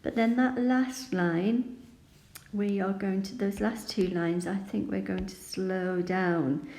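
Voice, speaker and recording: A woman teacher explaining how to annotate a poem, calm and explanatory, reading lines of verse aloud. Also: on the low side, echoey room, low-quality recording. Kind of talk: poetry annotation lesson.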